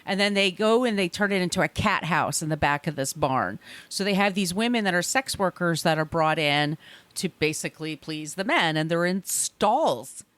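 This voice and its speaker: A woman co-hosting a podcast, retelling a film scene in a casual, animated way and acting out the lines. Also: fairly low pitch, moderate pace, no echo. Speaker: podcast co-host.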